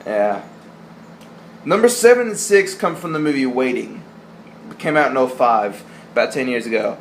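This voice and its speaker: Animated and at a moderate pace, this mid-range-voiced young man runs through a countdown of favorite movie quotes in a casual vlog. He's profane and jokey, doing silly voices for the lines, with slight background noise.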